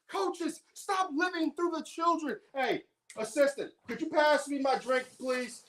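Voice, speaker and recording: A woman's voice: high voice, measured pace, a bit bright. A woman hosting an independent sports show, delivering a heated, emphatic opinion monologue.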